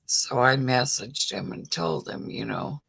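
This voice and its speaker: A woman's voice: very deep voice, very animated, unhurried, creaky, fairly bright tone, husky. A middle-aged woman hosting a casual livestream chat, rambling with lots of "you know" as she answers viewer comments. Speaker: livestream host.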